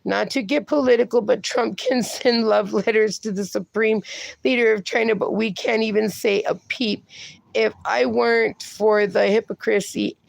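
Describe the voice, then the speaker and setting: A woman's voice: on the high side, fairly even intonation, normal speed, vocal fry, no room sound. A woman hosting a casual livestream, reading viewer comments aloud in a chatty way and laughing often between them. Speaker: livestream host.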